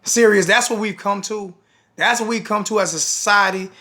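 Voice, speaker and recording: A man's voice: high voice, moderate pace, sharp tone. A man with a blunt, scolding manner, ranting to the camera as a sports fan vlogger.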